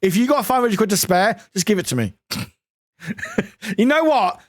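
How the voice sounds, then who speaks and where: British male streamer, high animated voice, casual and sweary. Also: moderate pace, no echo, clean studio sound. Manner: chatty, swears a lot, laughs often. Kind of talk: casual live-stream chat.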